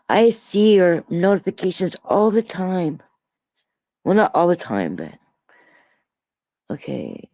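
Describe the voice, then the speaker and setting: A woman's voice: fairly low pitch, huge pitch swings, slow pace, pauses often, dark tone, no room sound. A woman in her sixties from Toronto, rambling in a casual solo livestream chat, reading comments aloud and laughing often. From Toronto, Canada. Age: 60s. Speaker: livestream host. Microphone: streaming mic.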